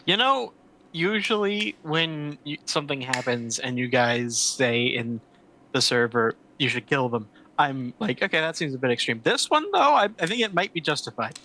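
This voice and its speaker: A man in casual chat making wry, measured remarks. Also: mid-range voice, lively intonation, bright, forceful tone, slight background noise, rough recording. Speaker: player.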